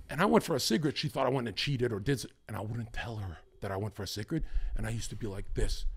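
A man chatting as a podcast guest, excitable and boastful, swearing freely and jumping between topics. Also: mid-range voice, a little fast, creaky, breathy edge. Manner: profane and boastful. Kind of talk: casual podcast chat.

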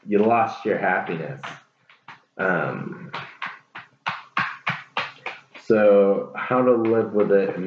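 A man's voice: on the low side, a little hiss or hum. A man giving a casual tarot reading to his viewers, earnest, encouraging and rambling. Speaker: tarot reader. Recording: echoey room, dull lo-fi sound.

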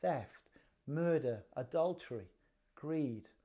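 A man's voice: a little high, expressive, slow pace, warm tone. A man preaching a livestreamed sermon, conversational and dryly humorous, with rhetorical questions. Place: church livestream.

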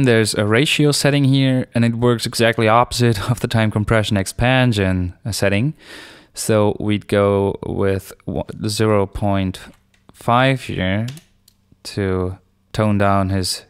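A man hosting a screencast software tutorial, explaining each step in a relaxed, unscripted way with small fillers. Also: fairly low pitch, clear, resonant tone, dry recording, studio quality.

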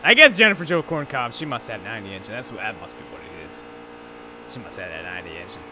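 A man's voice: fairly low pitch, big pitch swings, fast talker. A man hosting a gaming channel, commenting live on a racing game in a frustrated, profane rant. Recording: race car engine noise behind. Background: racing game engine sounds.

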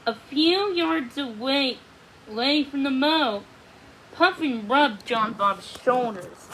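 A woman slowly reading a children's storybook aloud in a read-along, with a faint hiss behind her. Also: sits high, animated, pushed and bright, rough recording. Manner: slow, careful reading with small restarts. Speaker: storybook reader.

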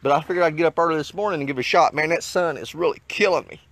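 High-voiced man fishing a riverbank. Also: very fast, dry recording. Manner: folksy, excitable, swears mildly at fish. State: hot and out of breath. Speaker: fishing vlogger. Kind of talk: casual outdoor vlog. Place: outdoors on a riverbank. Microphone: handheld camera mic.

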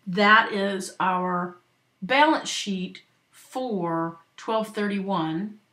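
This is a screen-recorded lecture in which a woman teaching accounting walks through a worked problem. She has a mid-range, slightly bright voice, and she goes slowly and patiently for note-takers, frequently checking in with "right?" and "okay?".

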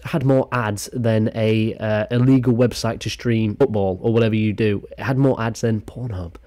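A man's voice: lowish voice, dark tone. A young man casually reading out and commenting on a news story, rambling with sarcastic, crude jokes.

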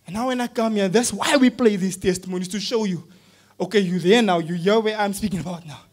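A man preaching a sermon, telling a personal story with casual slang and swinging from hushed tones to shouting. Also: sits high, fast.

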